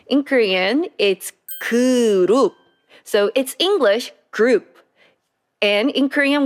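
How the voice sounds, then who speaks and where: A woman teaching a Korean language lesson, speaking clearly and slowly with repeated pronunciation drills. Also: high-pitched.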